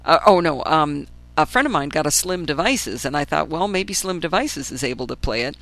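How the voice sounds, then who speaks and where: A woman hosting a casual solo podcast, chatty and enthusiastic with wry asides, her voice still hoarse after a flu. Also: low voice, expressive, moderate pace, a bit bright. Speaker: podcast host.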